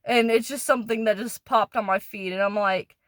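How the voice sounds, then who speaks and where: A woman's voice: mid-range voice, steady tone, fairly quick, dry recording, studio quality. A woman in a profane, rambling, angry rant done as an ASMR monologue, pissed off and disgusted, often stumbling and restarting. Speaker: ASMR creator.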